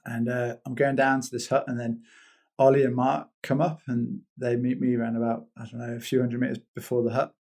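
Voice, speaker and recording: A British paraglider, guesting in a casual interview, tells a rambling story, often laughing and restarting sentences. His mid-range voice is fairly quick, with a flat delivery, vocal fry and a darkish tone.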